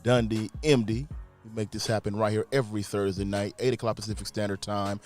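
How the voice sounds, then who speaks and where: Lower-voiced man hosting a radio show. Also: fairly quick, soft background music. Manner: energetic promo delivery, reads out phone number. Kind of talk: radio host plugging the show.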